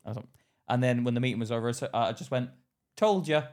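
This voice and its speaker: Brief: male podcast co-host, 30s, mid-pitched, lively storyteller who gets loud when acting out arguments. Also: rapid-fire. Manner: animated storyteller, acts out heated quotes loudly. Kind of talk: casual chat.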